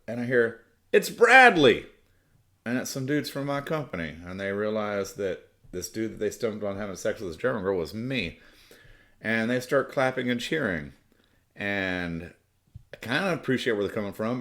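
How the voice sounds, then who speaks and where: A man's voice: lowish voice, a bit bright. A middle-aged American man casually telling a profane, rambling personal story as a podcast host. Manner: crude, profane, rambling with restarts.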